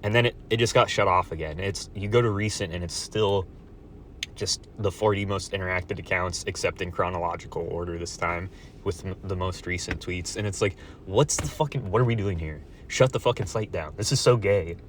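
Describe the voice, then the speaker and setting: A young man with a lowish voice rants at his audience in a foul-mouthed monologue, swearing constantly. He swings from sarcastic shouting to low mutters. A faint hiss of noise sits underneath. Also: brisk. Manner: angry, sarcastic, swears constantly, jumps between loud outbursts and mutters. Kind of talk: profane ranting monologue.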